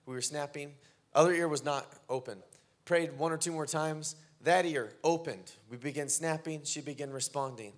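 A man's voice: a little high, moderate pace. A man preaching a sermon, telling stories and building to fervent, emphatic declarations. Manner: builds from quiet storytelling to fervent shouting. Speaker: pastor.

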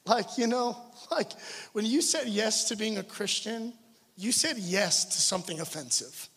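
Male pastor, high-pitched, earnest and conversational sermon delivery, recorded in a reverberant church hall over faint music. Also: expressive, a little slow, fairly bright tone, slightly rough. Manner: earnest, conversational preaching with stumbles.

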